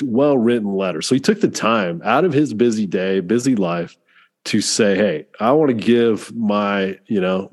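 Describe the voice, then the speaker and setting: A man hosts a podcast interview, his voice a little low. He talks in an encouraging, reflective way, restarting phrases as he gathers his thoughts. He sounds relaxed and conversational. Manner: encouraging, reflective, repeats words as he thinks. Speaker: podcast host.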